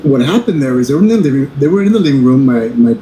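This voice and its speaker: Man, podcast co-host, warm dark tone, hesitant delivery, roomy echo, faint hiss. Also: mid-range voice, lively intonation. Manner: halting, many restarts and fillers. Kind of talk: casual chat. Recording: echoey room with faint noise.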